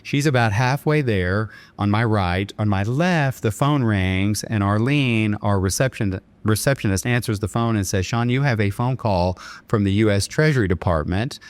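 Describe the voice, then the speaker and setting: A man's voice: fairly low pitch, normal speed, few pauses, no echo. A man, a podcast guest earnestly retelling a dramatic personal story with quoted dialogue. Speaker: bank chairman and podcast guest. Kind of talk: storytelling in an interview.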